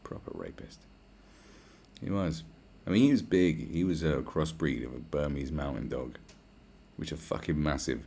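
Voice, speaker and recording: Very deep gravelly man ranting. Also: normal speed, a little mellow. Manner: crude, blunt, rambling and sarcastic. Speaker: podcast host. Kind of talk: profane solo rant.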